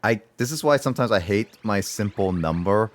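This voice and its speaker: A man's voice: fairly low pitch, lively intonation, normal speed. A man hosting a livestream, chatting casually with friends in a rambling way, full of restarts and fillers. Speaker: livestream host. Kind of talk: casual chat among friends.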